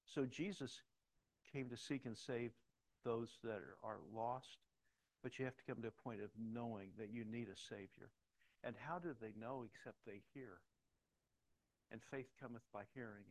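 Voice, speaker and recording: A man's voice: mid-range voice, normal speed, poor audio. Middle-aged pastor, man, preaches in a chatty storytelling style and gets emphatic. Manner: conversational storytelling, emphatic at points. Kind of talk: sermon with personal stories.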